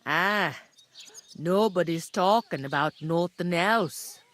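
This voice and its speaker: A woman's voice: fairly low pitch, slow pace, a bit bright. A woman voicing a blunt, gossipy tavern keeper in a video game, her accent drifting between regions as she talks. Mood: chatty.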